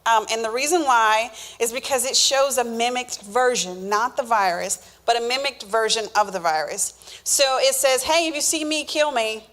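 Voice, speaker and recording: Woman w/ a higher voice explaining shots to a crowd, lots of ums, talks it through. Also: fairly bright tone. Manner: explanatory, many fillers and restarts, acts out the body talking. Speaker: health educator answering questions. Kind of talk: informal Q&A explanation.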